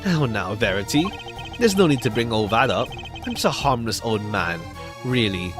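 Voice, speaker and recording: A man's voice: medium pitch, animated, normal speed, lightly acted. A man voicing a sentimental, tearful old male committee chairman, speaking theatrically over background music. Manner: weepy, grandfatherly, theatrical.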